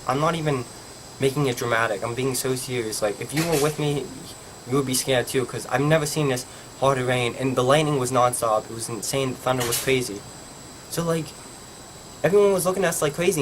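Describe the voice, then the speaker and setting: A man's voice: medium pitch, slight background noise. A young man from Pennsylvania telling a rambling story for his vlog, filling it with "like". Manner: rambling, heavy use of "like". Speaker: vlogger.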